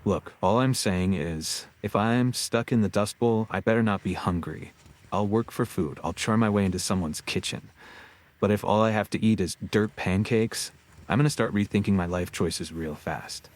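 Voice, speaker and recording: Deep-voiced man telling history wryly. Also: normal speed. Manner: joking, wry storytelling. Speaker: co-host. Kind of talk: scripted podcast narration.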